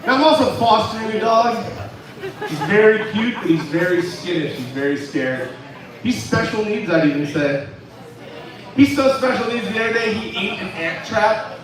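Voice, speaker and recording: High-voiced man doing dark stand-up. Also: normal speed. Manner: deadpan dark jokes with laughing asides. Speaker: stand-up comedian. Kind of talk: stand-up comedy set. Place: comedy club stage with live crowd. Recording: echoey live room from far off with crowd.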